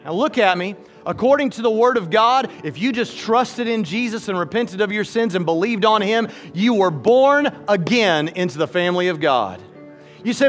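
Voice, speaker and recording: A man preaching an altar call, folksy and joking, with an animated, lively delivery. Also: high-pitched, moderate pace, soft background music. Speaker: pastor.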